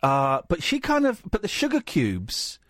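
Man, radio host, lively swooping delivery, slightly high voice, dry studio sound. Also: unhurried, dry recording. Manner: animated, teasing, repeats himself for comic effect. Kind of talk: late-night talk radio banter.

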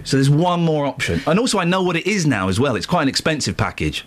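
A man's voice: a little high, sing-song, fast, hardly any pauses. A man hosting a radio show from a studio, telling an angry story and acting out both sides of each argument. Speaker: radio host. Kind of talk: ranting anecdote on live radio.

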